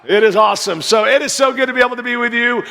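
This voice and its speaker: An American man in his fifties, a guest pastor telling a joking, animated story in a sermon from a large church sanctuary. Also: extremely high pitch, quick pace, gravelly. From United States. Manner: joking, animated storyteller who plays to the crowd. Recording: reverberant church hall.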